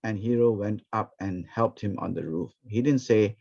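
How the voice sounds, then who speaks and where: A man, teaching a ministry training session through lively stories and acted-out quotes. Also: lowish voice, moderate pace, creaky. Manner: animated, acts out quoted speech. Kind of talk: storytelling teaching talk. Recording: dull, muffled recording.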